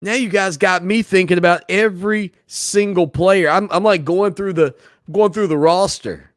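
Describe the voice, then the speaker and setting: A man's voice: high-pitched, moderate pace, no echo, studio quality. A man hosting a sports talk show in a casual, playful way, joking with viewers. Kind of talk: casual chat.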